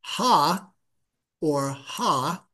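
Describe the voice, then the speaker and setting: Middle-aged man, slightly higher voice, unhurried tutor sounding out letters patiently. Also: animated, bright, forceful tone, husky. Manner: patient, repeats syllables slowly for the student to echo. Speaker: Hebrew reading teacher. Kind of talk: casual one-on-one reading lesson.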